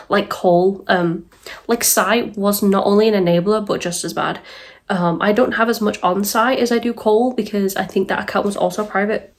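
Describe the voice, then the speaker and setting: A young woman from the UK talks through a casual commentary vlog in a chatty, exasperated way. Her voice sits at an ordinary middle pitch, and she fills gaps with ums and uneasy little laughs. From United Kingdom. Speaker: YouTube commentator.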